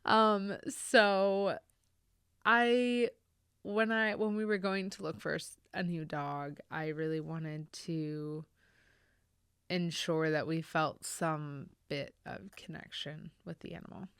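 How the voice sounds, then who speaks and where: A woman hosting a podcast, telling a personal story in an earnest, reflective way, pausing on fillers and dropping to a near-whisper at sad points. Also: deep voice, fairly even intonation, smooth, dry recording, clean studio sound. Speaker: podcast host.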